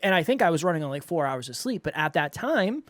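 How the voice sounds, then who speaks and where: A man co-hosting a podcast in casual chat, relaxed and chatty with a self-deprecating tone. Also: on the high side, fast, no room sound. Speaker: podcast co-host.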